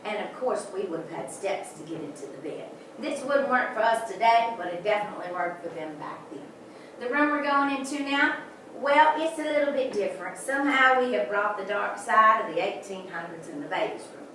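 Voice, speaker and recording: A woman's voice: mid-range voice, lively intonation, fairly quick, fairly bright tone, slight background noise. A woman guiding visitors through a historic house, telling folksy stories with jokes. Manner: chatty, folksy storytelling with jokes. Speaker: tour guide. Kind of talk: guided house tour. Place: indoors in a large historic house. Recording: echoey room from far off.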